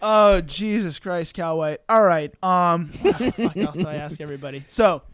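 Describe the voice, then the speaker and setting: A young man with a high voice hosts a loose, casual podcast. He is a little drunk and tells animated stories, laughing often and swearing freely. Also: normal speed. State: tipsy. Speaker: podcast host.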